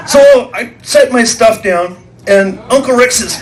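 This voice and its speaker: A man's voice: very high-pitched, measured pace. A man doing live stand-up, telling rambling stories that repeat words and act out quoted voices, at a small live venue. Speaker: stand-up comedian.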